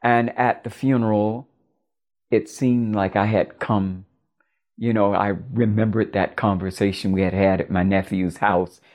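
Older woman from Florida, storyteller, halting intimate delivery. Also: rumbling low, fairly even intonation, a little mellow. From Florida, USA. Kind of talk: personal story narration.

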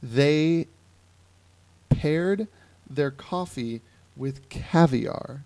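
A man's voice: fairly high pitch, very slow, no echo. A young man from Ohio hosting a podcast, telling stories in a casual chat and acting out the people he quotes. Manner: animated storytelling with quoted voices. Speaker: podcast host.

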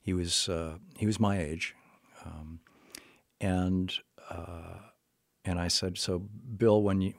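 An older man, a therapist, telling a story in a halting conversational way, with many restarts and fillers. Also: sits low, dry recording, clean studio sound.

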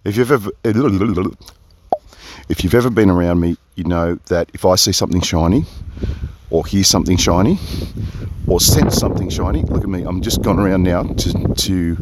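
Man, lowish voice, chatty rambling diary, phone-close outdoor sound. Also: a little slow, very noisy. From Perth, Australia. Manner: rambling, easily sidetracked, chatty asides. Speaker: audio diarist. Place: outdoors under a big tree, windy. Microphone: phone resting close on his face.

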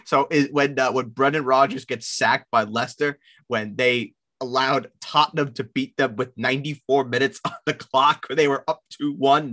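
A man co-hosting a sports podcast, talking in a sarcastic, rambling way and swearing freely. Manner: sarcastic, rambling, swears, lively jumps in pitch. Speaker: podcast co-host. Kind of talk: casual sports podcast chat.

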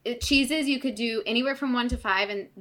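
A woman's voice: fairly high pitch, fairly quick, fairly bright tone. A young woman co-hosting a podcast, telling a story in a chatty way and laughing often. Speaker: podcast co-host. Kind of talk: casual chat.

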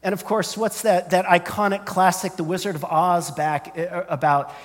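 A man with a fairly high voice delivers an earnest sermon, circling back with repeated words as he presses his point. His voice rings out with a long reverb, as if in a large hall. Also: fairly even intonation, normal speed. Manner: earnest, repeats words when starting sentences. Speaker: preacher.

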